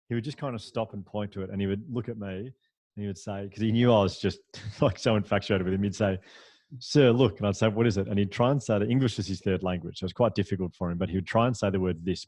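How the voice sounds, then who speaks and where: A man, a podcast guest, telling a story in a lively, anecdotal way, with frequent restarts and fillers. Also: lowish voice, dry recording. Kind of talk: storytelling in a conversational interview.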